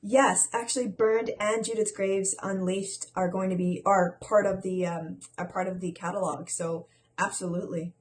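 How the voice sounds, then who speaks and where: A woman's voice: mid-range voice, fairly even intonation, normal speed. A woman from South America, raised in Canada, speaking as an author in a casual interview, cheerful and wry. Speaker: author, guest.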